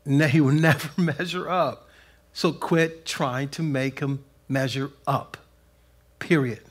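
A man preaching a conversational sermon in a plain-spoken, folksy way, swinging between loud emphasis and soft asides. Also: a little high, steady tone, slow, slightly rough. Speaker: pastor. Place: church sanctuary.

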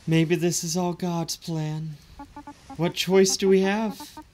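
Resigned woman, streamer-voiced, soft, reflective, wistful, game figure. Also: medium pitch, fairly even intonation, slow pace, pitched above the performer's own voice, close to an everyday voice.

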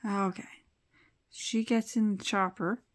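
A woman's voice: mid-range voice, steady tone, takes it slowly. A woman casually retelling a comic book's plot as a reviewer, chatting loosely with asides as she flips pages.

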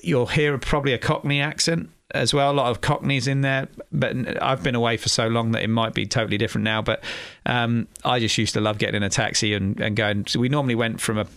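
An English man talking as a podcast guest, his voice gravelly with a lot of fry. He rambles loosely and restarts his sentences often, recorded close and dry. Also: medium pitch, fairly even intonation, quick pace, hardly any pauses, fairly bright tone, no echo. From England. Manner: rambling, with many restarts and fillers. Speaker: guest, food truck owner. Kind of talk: casual interview chat.

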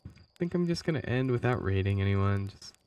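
A man's voice: on the low side, lively intonation, brisk, darkish tone, clean tone. A sleepy man chatting casually while streaming a game live, chuckling often. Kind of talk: live gameplay stream commentary. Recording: slightly distant mic, faint background noise.

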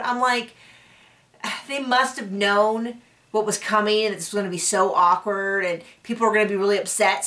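A woman's voice: medium pitch, bright, forceful tone, distant mic. A young woman recapping a reality TV episode in casual commentary, sarcastic and exasperated, now and then mocking people in put-on voices. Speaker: recap reviewer.

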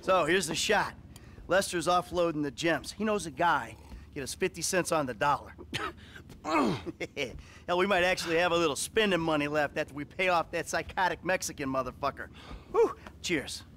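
An actor playing a wry, world-weary middle-aged retired bank robber in a video game. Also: male voice, fairly high pitch, lively intonation, normal speed, a bit bright, a little hiss or hum. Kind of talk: video game cutscene acting.

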